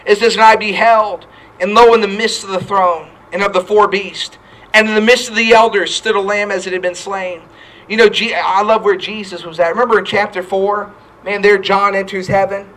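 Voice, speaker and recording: Male pastor, very high-pitched, fervent sermon delivery. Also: flat delivery, normal speed, a bit bright, rough recording. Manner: fervent preaching with repeated "hey" and scripture quotes.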